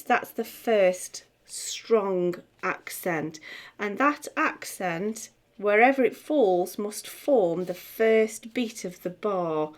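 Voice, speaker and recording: Slow, chatty woman teaching. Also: mid-range voice. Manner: unhurried, chatty teaching with many fillers and restarts. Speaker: music theory teacher. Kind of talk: explaining a lesson to camera.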